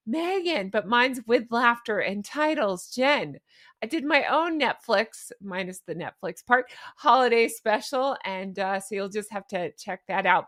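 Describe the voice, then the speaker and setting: A woman's voice: on the high side, a bit bright. A woman hosting a casual commentary vlog, chatty and amused, laughing often and tossing in rhetorical questions and asides. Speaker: YouTube commentary host.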